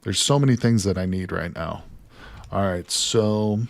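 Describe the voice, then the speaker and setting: A man commentating live on his survival gameplay, talking to viewers and swinging between quiet mutters and excited outbursts. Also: deep voice, unhurried, gravelly. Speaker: gaming streamer.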